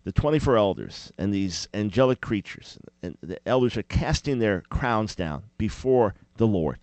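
Animated male Christian talk show host. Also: lowish voice, normal speed, dry recording. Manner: animated, mock-chanting with playful exaggeration.

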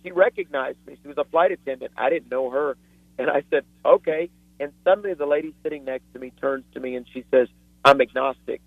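A man's voice: medium pitch, a little fast, dry recording. A man preaching with fervent, earnest storytelling as a guest author on a radio talk show. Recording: dry tinny phone line.

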